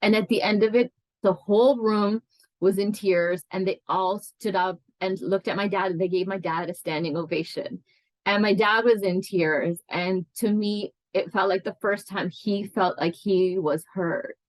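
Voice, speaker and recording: A woman in her forties speaks in a measured, middle pitch, recounting personal memories with earnest emotion. She often restarts her sentences as she reflects. The recording is dry and close, with no room echo. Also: fairly even intonation. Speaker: interviewee. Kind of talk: oral history interview, personal storytelling.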